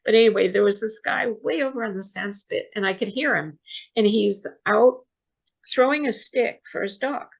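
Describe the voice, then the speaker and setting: A woman speaks as a guest in a relaxed interview, recounting a story in a soft, gravelly voice. She halts often and restarts her sentences as she goes. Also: mid-range voice, rough recording. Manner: soft-spoken, halting with restarts.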